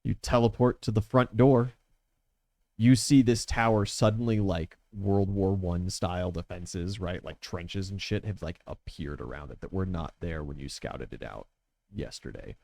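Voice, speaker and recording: A man's voice: deep voice, measured pace, vocal fry, darkish tone, no room sound. A young man running a tabletop game as game master, narrating scenes in a casual, descriptive way.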